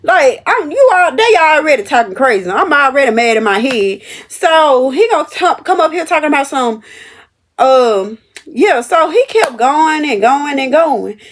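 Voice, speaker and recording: Young woman, high voice, animated and emphatic, storytelling vlog straight to viewers. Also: measured pace. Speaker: store cashier telling a work story. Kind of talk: casual storytelling to camera.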